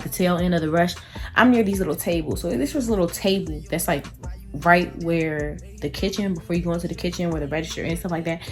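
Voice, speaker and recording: A teenage girl vlogger telling a story in a chatty, animated way, talking straight to her viewers. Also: on the low side. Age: teens. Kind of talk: casual storytime.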